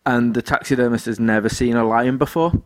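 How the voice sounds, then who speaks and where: A man's voice: mid-range voice, steady tone, fairly quick, no echo. A young man co-hosting a podcast, rambling cheerfully and laughing easily in casual chat. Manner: giggly, rambling, enthusiastic. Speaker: podcast co-host.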